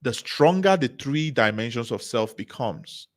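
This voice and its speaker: A man speaks in a mid-pitched voice, addressing a seminar audience in a motivational style. He drives his points home by repeating phrases and throwing rhetorical questions at the crowd. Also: lively intonation, a little slow.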